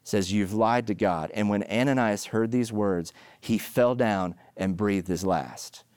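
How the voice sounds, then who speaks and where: A middle-aged male pastor preaching a sermon, telling stories with animated, emphatic delivery that climbs to loud peaks. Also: fairly low pitch, unhurried, clean tone, no echo.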